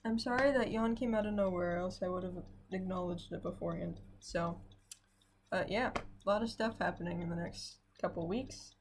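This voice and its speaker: A woman's voice: on the low side, moderate pace. A tired young woman vlogging casually at home, rambling and self-deprecating with dry sarcastic asides. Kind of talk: casual unedited vlog chat. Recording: faint background noise and clock ticking.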